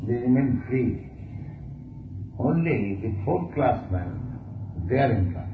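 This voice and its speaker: Slow halting man, tinny echoey old tape. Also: mid-range voice, very animated. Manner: slow, halting, with repeated words. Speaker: spiritual teacher in conversation. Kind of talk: conversation, explaining scripture. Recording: tinny, echoey, distant, with faint hiss.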